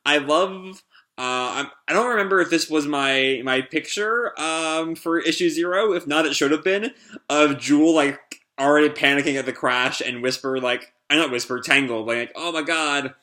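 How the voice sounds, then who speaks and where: A man's voice: on the high side, normal speed, bright, forceful tone. A man giving casual live reaction commentary on a comic, rambling with fillers and correcting himself. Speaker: comic reviewer.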